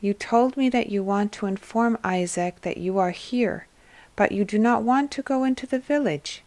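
A woman's voice: medium pitch, moderate pace, darkish tone, no room sound, close to an everyday voice. A woman voicing an eager male shepherd disciple in a read-aloud story, speaking urgently and emphatically. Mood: plain. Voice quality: read aloud in narrator's own voice.

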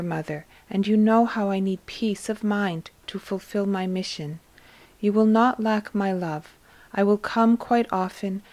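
A woman reading the part of Jesus as a gentle grown man comforting his mother, in a calm, tender, measured voice. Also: mid-range voice, lightly acted.

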